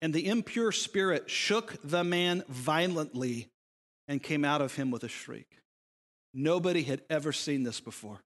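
A man's voice: on the high side, expressive, measured pace, a bit bright, big-room sound. A male pastor preaching a sermon, emphatic and full of rhetorical questions.

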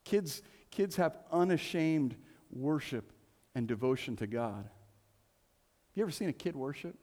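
A man's voice: a little high, lively intonation, measured pace, darkish tone. A man preaching a sermon as a pastor in a church, conversational and joking, with playful asides. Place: church sanctuary. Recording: long reverb of a church hall.

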